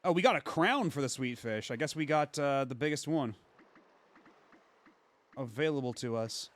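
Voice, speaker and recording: A man casually commenting while he plays a fishing game on a stream, thinking aloud with quick asides. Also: mid-range voice, lively intonation.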